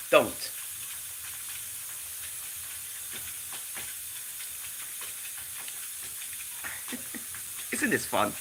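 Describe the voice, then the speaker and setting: A woman's voice: deep voice, a little slow, a little hiss or hum, rough recording. A woman with a Jamaican accent hosting a casual livestream, reading scripture aloud in a preachy way and thanking viewers by name. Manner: animated, preachy, addresses chat viewers by name. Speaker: livestream host.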